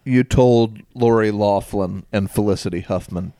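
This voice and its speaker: Male co-host, lowish voice, wry and laid-back, dry close mic. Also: unhurried, warm tone, dry recording. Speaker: podcast co-host. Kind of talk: casual chat.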